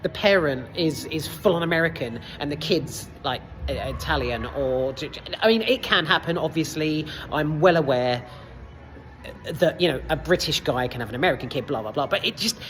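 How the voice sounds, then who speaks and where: Low-voiced woman reviewing a film. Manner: hesitant, lots of fillers and restarts, swears casually. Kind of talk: casual film review vlog. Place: cinema foyer. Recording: long reverb in a foyer.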